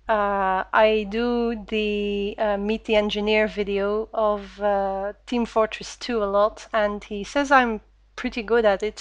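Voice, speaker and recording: A woman vlogging to camera in a casual way, pausing often with filler sounds as she searches for words. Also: medium pitch. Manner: hesitant, many filler pauses.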